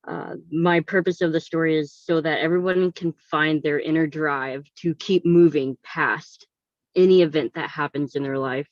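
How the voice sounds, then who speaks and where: A woman's voice: deep voice, no room sound, dull audio. A woman co-author sharing her story on a video call, hesitant with many fillers and holding back tears. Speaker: book co-author.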